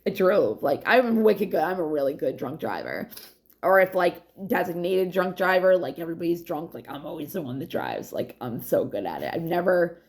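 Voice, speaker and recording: A woman's voice: lowish voice, very animated, normal speed, a little mellow. A woman in her thirties from New England, telling stories from her past in a frank, rambling, profane way, drifting from one story to the next. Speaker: vlogger. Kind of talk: casual storytelling monologue.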